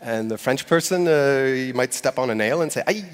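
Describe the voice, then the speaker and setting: A man at a mid-range pitch gives a live talk from a stage in a large hall, and his voice rings with long reverb. He speaks conversationally, stumbling through fillers and restarts, and acts out short quoted phrases with light laughs. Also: normal speed, clear, resonant tone. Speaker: conference speaker.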